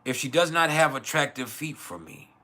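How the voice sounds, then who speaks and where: A man's voice: mid-range voice, very animated, moderate pace, sharp tone. A man from West Texas, hosting a casual livestream and giving blunt, profane opinions while answering chat. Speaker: livestream host.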